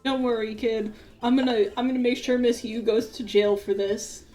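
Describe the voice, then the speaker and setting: A woman's voice: a little high, steady tone, normal speed, dark tone, faint music behind, lightly acted. A woman voicing a blunt, big-hearted male detective in plain, casual speech. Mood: determined.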